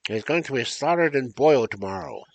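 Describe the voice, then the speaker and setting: A man's voice: mid-range voice, animated, brisk, voice pushed up, close to an everyday voice. A man voicing a cruel, greedy old woman witch in a fairy tale. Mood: harsh. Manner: loud, bossy.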